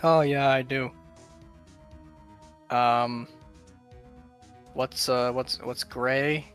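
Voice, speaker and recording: A man's voice: medium pitch, fairly even intonation, drawn-out words, fairly bright tone, soft background music. A man co-hosting a game stream, talking in a dry, hesitant way with lots of filler words. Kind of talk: casual stream chat.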